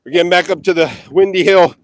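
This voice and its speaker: A man's voice: high-pitched, quick pace, no room sound, clean studio sound. A man chatting casually on a live stream as he walks an outdoor farm field with a handheld mic, talking playfully to his cattle. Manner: playful, sing-song calls to the animals. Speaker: livestream vlogger feeding cattle. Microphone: handheld mic while walking.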